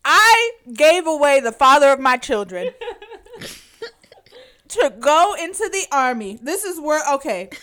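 A woman's voice: high-pitched, big pitch swings, slow, pauses often, bright, forceful tone. A young adult woman co-hosting a podcast, telling stories in a dramatic, exaggerated way and swearing freely. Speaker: podcast co-host. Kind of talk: casual chat.

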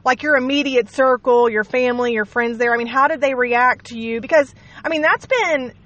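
A woman's voice: high voice, moderate pace, a bit bright, highs cut off. A woman host with a Kentucky accent asking questions in a rambling, casual way with apologetic asides. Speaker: podcast host. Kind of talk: casual interview.

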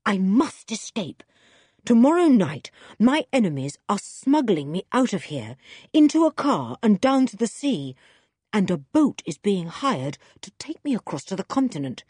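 A woman voicing a kidnapped adult male scientist who talks in an earnest, hurried way, in an audiobook reading. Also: high voice, very animated, darkish tone, slightly rough, no echo, studio quality, exaggerated voice. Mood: eager. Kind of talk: audiobook character voice.

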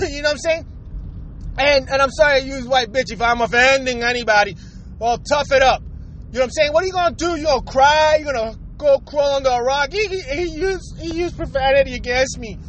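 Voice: high voice, low-quality recording. A vlogger delivering an angry, emphatic rant full of swearing. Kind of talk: profane ranting monologue.

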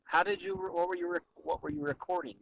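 A man's voice: extremely high pitch, huge pitch swings, fast, gravelly, a bit bright, a little hiss or hum, rough recording. A man co-hosting a podcast by cell phone, chatting casually, rambling and giggling with lots of fillers. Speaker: podcast co-host. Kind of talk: casual chat.

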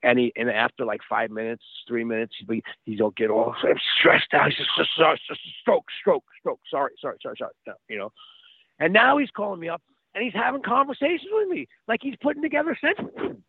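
Animated man on a tinny phone line. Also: fairly high pitch, brisk, gravelly, breathy edge, no echo. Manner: animated, repeats words, acts out quotes. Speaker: guest. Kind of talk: casual storytelling. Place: outdoors by a street. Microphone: phone call.

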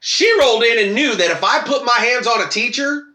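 Animated, bright-voiced man telling a story. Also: extremely high pitch, brisk, reverberant. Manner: animated storyteller, acts out quoted voices, swears freely. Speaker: podcast co-host. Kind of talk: casual storytelling chat.

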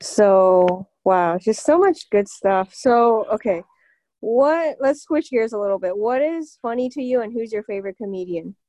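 A woman hosting a casual interview, relaxed and affirming, often answering with short reactions. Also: on the high side, measured pace, dry recording. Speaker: host.

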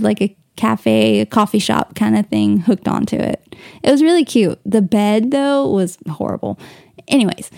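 A woman's voice: medium pitch, creaky, mellow, no echo, studio quality. A young woman hosting a casual solo podcast from home, gushing and emotional, tearing up at times. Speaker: podcast host. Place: bedroom at home, on the bed.

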